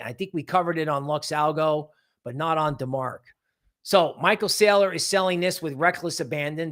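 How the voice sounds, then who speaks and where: A man's voice: fairly high pitch, fairly bright tone. A man hosting a livestream of crypto market analysis. He talks in a loose, rambling way and keeps adding "right?". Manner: rambling, conversational, often adds "right?"; mocks panicky traders in exaggerated voices. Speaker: crypto market show host.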